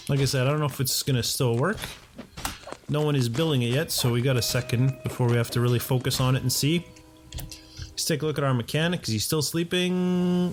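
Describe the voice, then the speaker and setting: In his home condo, a let's play host with a mid-range voice gives relaxed, talkative commentary as he plays, often addressing himself and the characters in the game. There's slight background noise.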